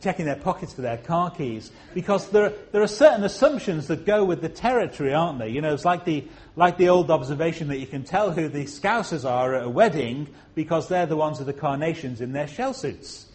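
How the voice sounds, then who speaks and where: Preacher with a faint Liverpool twang. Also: male voice. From Liverpool, England. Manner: expressive, with slow stressed phrases and sudden high rises; humorous asides. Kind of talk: sermon. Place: church service.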